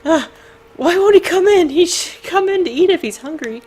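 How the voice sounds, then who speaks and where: A woman's voice: very high voice, expressive, moderate pace, a little mellow. A woman hosting a video game playthrough, chatting casually and reading the characters' lines aloud with frequent laughter. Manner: reads game dialogue aloud, laughs easily. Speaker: let's play host. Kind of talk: casual gameplay chat.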